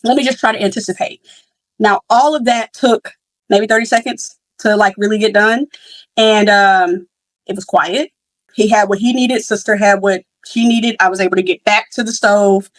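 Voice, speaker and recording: A woman's voice: medium pitch, steady tone, moderate pace, dry recording, poor audio. Chatty young mother, dry close sound. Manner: chatty, many fillers and restarts; candid and reflective. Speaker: podcast host. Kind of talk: casual storytelling.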